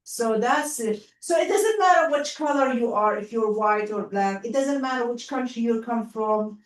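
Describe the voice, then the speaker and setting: A woman with an Arabic accent teaching a class in a lively, coaxing way. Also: a little high. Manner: lively, coaxing, quick asides to pupils. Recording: roomy classroom from far off.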